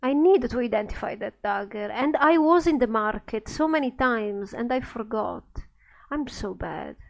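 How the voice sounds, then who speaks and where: A woman's voice: a little high, lively intonation, normal speed, vocal fry. Chatty woman doing game commentary. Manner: chatty, self-deprecating. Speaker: let's play commentator.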